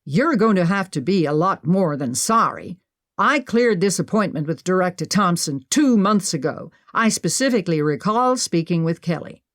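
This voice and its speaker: A woman's voice: fairly low pitch, animated, moderate pace, no room sound, clean studio sound, lightly acted. A woman narrator voicing a bold, pushy young woman who talks insistently. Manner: insistent, bossy.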